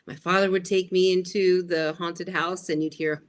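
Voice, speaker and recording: Woman in her 50s, guest on a podcast, animated storyteller, does little voices. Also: fairly low pitch, normal speed, hardly any pauses. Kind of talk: storytelling interview.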